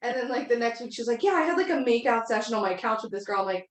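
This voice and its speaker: A woman's voice: fairly high pitch, lively intonation, rapid-fire. Laughing, swearing woman in an echoey room. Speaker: podcast co-host. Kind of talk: casual chat.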